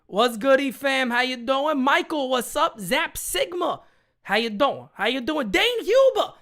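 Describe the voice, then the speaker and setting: A man hosting a live fan chat stream, loud and hyped, ranting and often shouting. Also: extremely high pitch, very animated, unhurried.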